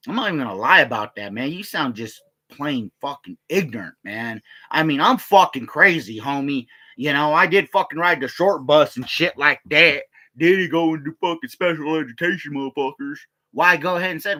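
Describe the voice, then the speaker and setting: A man's voice: on the high side, animated, normal speed, bright, forceful tone. A man vlogging a casual, rambling rant full of profanity and repeated words.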